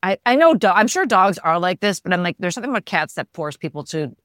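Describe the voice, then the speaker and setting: A man's voice: high-pitched, sing-song, quick pace, fairly bright tone, smooth, dry recording, clean studio sound. A middle-aged man co-hosting a casual chat, rambling wryly about pets and allergies. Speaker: podcast co-host.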